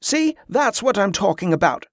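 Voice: mid-range voice, sing-song, moderate pace, no echo, studio quality, pitched above the performer's own voice. A reader voicing Jordan, a sullen, defensive teenage boy who answers curtly and grumbles. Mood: angry. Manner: grumbling, curt. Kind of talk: audiobook character voice.

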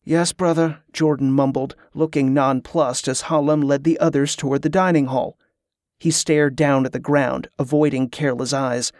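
An audiobook narrator reading a novel in a steady, even storytelling manner. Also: medium pitch, moderate pace, dry recording, studio quality. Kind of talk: scripted narration.

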